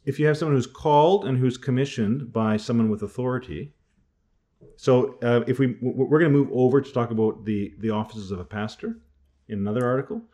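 A man's voice: medium pitch, fairly quick, mellow. A man teaching a class on church doctrine in a conversational way, thinking aloud and often restarting his sentences.

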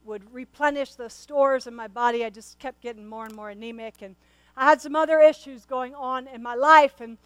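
A high-voiced woman pastor delivers a sermon. She speaks straight to her congregation in an earnest, conversational way, often stumbling over and repeating her words as she tells a story. The sound is close and dry, with no room echo. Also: steady tone, moderate pace, fairly bright tone, smooth.

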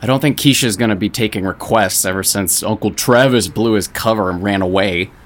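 A man's voice: lowish voice, a little fast, close to an everyday voice. A man voicing a sarcastic, foul-mouthed musician who is an estranged grown child in an audio drama, speaking bluntly.

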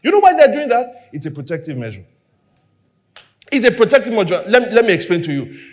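Man, sermon, high voice, swinging pitch, sudden hushed asides. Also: fast talker. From Nigeria. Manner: animated, acts out quoted dialogue; drops to near whispers for emphasis. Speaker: pastor.

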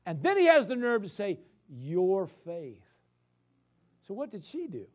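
Brief: male preacher, unusually high voice, emphatic and repetitive sermon delivery. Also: fast. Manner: animated, swings from loud emphatic bursts to quiet explaining.

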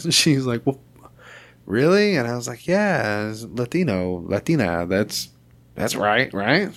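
A man hosting a casual podcast chat, easygoing and quick to laugh. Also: mid-range voice, lively intonation, a bit bright. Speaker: podcast host.

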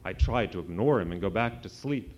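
A man, an author, reading a rhyming children's story aloud to an audience in a sing-song, lively way. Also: on the low side, brisk. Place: event hall with an audience. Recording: dull lo-fi live recording.

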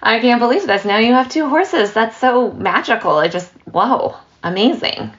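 A woman's voice: on the high side, expressive, normal speed, dull audio, voice pushed up, lightly acted. Woman doing a gushing nosy neighbor. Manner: gushing and exclamatory. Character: nosy excitable neighbor leaning over fence.

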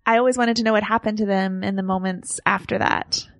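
A woman co-hosting a casual movie podcast, quick, blunt and joking. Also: mid-range voice, fairly even intonation, dry recording, clean studio sound. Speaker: podcast co-host.

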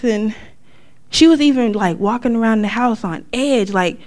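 A middle-aged woman giving a church testimony in a casual, conversational way, acting out quotes with sudden high outbursts. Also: expressive, moderate pace, a little mellow. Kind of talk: testimony talk.

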